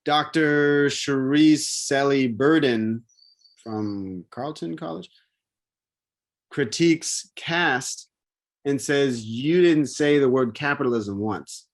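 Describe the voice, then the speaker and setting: A man's voice: medium pitch, slow. Rambling man in casual talk. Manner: rambling, animated, many restarts and fillers. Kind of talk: casual conversation.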